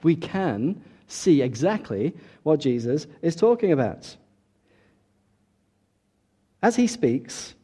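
A man preaching a sermon, emphatic, dropping soft and then rising loud for key points. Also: on the high side.

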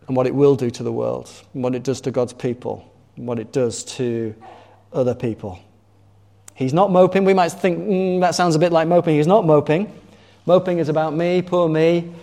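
A man's voice: a little high, gravelly, dark tone. A man preaching a sermon in a conversational way, asking the congregation questions. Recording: long reverb of a large hall.

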